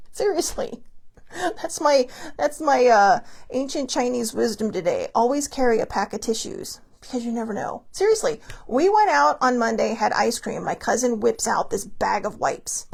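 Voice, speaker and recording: A woman hosting her own show, talking casually and candidly, with animated asides and a bit of swearing. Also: fairly high pitch, vocal fry, breathy edge. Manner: animated, many quick asides. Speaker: podcast host. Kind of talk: casual solo talk.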